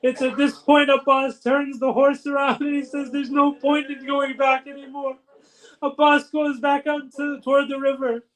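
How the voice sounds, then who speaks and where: A man's voice: extremely high pitch, poor audio. A male preacher narrating a sacred story in a solemn, emotional sermon.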